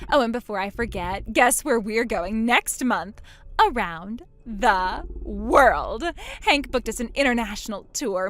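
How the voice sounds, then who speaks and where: A smug, cruel younger sister, played by a woman, gloats in a high, lively voice that swoops up into mocking peaks. She taunts in a sing-song way, savoring every jab.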